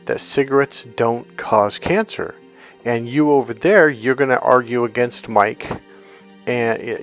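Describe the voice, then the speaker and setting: Middle-aged guy rambling through a story, cusses a lot, voice sits mid-range, faint music behind. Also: medium pitch. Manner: animated, swears freely, acts out quoted people. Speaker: dating coach. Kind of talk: casual storytelling monologue.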